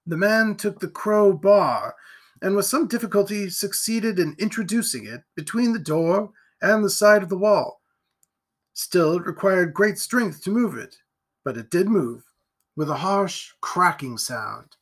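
A man reading a gothic novel aloud in steady, even storytelling narration. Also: high-pitched, a little slow, slightly rough. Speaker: audiobook reader.

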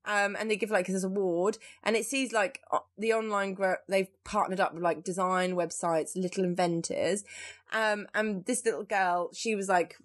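A young woman hosting a podcast, chatting casually about news stories in a lively, chatty way with lots of asides. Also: medium pitch, normal speed. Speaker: podcast host.

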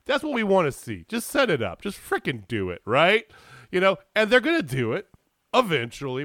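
A man in casual chat about wrestling, ranting in an animated way and swearing freely. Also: fairly high pitch, no room sound, clean studio sound. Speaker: podcast co-host.

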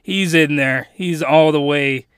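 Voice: mid-range voice, a little slow, a bit bright, clear, resonant tone, no room sound, studio quality. Giggly game player. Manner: giggly, joking asides. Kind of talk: casual play commentary.

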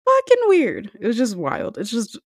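A woman's voice: on the high side, wildly swooping pitch, moderate pace, dry recording, clean studio sound. A young woman co-hosting a casual podcast chat, telling blunt, profane stories and acting out what people said. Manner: blunt, profane storytelling with acted-out quotes.

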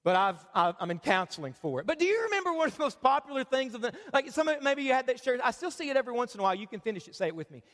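A man's voice: very high-pitched, big pitch swings, very fast, hardly any pauses, fairly bright tone, long reverb tail. A man pastor preaching a conversational sermon to a church crowd, joking and getting them to read along. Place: church auditorium.

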